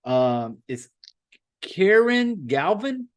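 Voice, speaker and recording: A man's voice: a little high, big pitch swings, normal speed. A man hosting a podcast, rambling casually and profanely, with drawled slang. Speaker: podcast host.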